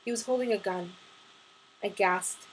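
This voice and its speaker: A woman's voice: mid-range voice, a little slow, slight background noise, poor audio. A woman reading aloud from her own novel, chatting casually with ums before she begins. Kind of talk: audiobook-style chapter reading.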